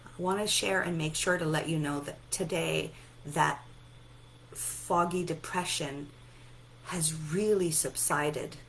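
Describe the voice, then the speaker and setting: A sleepy woman giving a gentle self-help talk, softly repeating reassuring affirmations. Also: sits low, fairly even intonation, takes it slowly, slight background noise, low-quality recording. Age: adult, a mother. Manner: soft, repetitive, reassuring affirmations. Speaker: self-help and EFT speaker.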